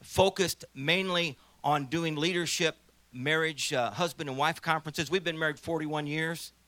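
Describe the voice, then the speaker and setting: Man, sixties, minister, personal testimony, rambling with restarts, bright tone, dry close sound. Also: a little high, moderate pace, no room sound. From St. Louis, USA. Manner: rambling and conversational, with many restarts. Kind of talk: personal testimony at a church gathering.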